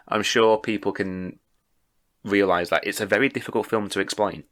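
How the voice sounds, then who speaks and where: A man co-hosting a podcast, telling animated stories with stammered restarts and quick acted-out quotes. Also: on the low side. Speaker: podcast co-host. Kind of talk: casual chat.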